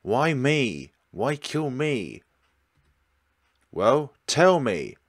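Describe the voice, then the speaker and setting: A deep-voiced man doing a shaken young man. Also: very animated, a little slow, a bit bright, exaggerated voice. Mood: distraught. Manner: tense, defensive, outbursts. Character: frightened, angry young man hunted by a killer.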